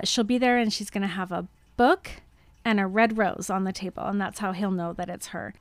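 A woman's voice: medium pitch, clear, resonant tone, no room sound. A woman casually recapping a film in a chatty talk show, acting out the scenes in quoted voices. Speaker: podcast co-host.

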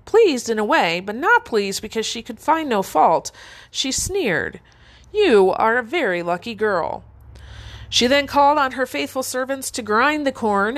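Woman telling a fairy tale, higher voice. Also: expressive, moderate pace, a bit bright. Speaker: storyteller.

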